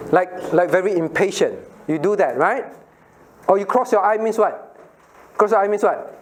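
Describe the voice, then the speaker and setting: A middle-aged pastor teaches children a Bible passage in a bright, high-pitched voice. He keeps firing questions at them, laughs often and acts out little scenes to make his points. A faint hiss sits under the recording.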